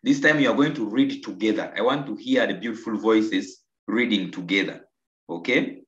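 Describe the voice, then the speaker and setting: A Ugandan man teaching an online English lesson, slow and coaxing, repeating answers and praising his pupils. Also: lowish voice, a bit bright. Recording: roomy, dull lo-fi video call audio.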